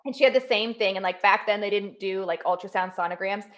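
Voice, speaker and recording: A woman's voice: mid-range voice, fast talker, fairly bright tone. A woman co-hosting a podcast, telling personal stories with feeling and often chiming in to agree. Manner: emotional storytelling, frequent agreeing interjections. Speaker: podcast co-host. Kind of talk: casual chat.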